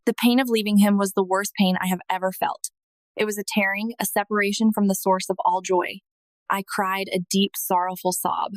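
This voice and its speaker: A woman in her thirties narrates a personal spiritual testimony in an earnest, heartfelt tone. Her voice sits at an ordinary middle pitch and is recorded close and dry, with no room sound. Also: level tone, moderate pace, dry recording, rough recording. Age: 30s.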